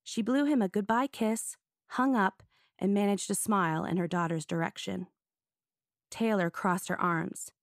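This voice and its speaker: A woman narrating an audiobook in a clear storytelling manner. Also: medium pitch, steady tone, a little slow, no room sound, clean studio sound. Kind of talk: scripted narration.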